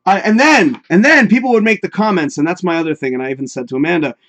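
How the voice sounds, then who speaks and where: A man's voice: sits high, fast, fairly bright tone. Chatty, profane male livestream host. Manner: profane, chatty, laughs often, reads viewer comments aloud; jokey advice-giving. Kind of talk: casual livestream chat.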